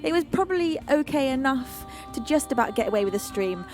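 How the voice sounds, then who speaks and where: Still getting her voice back, this UK streamer welcomes her music chat warmly and effusively, dubbing everyone "beans." Her voice is high, lively and brisk.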